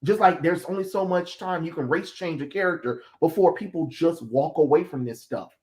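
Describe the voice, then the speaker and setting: A man's voice: on the high side, moderate pace, darkish tone. A man hosting a livestream chat, ranting in a heated, blunt way with some profanity. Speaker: stream host. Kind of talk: casual chat.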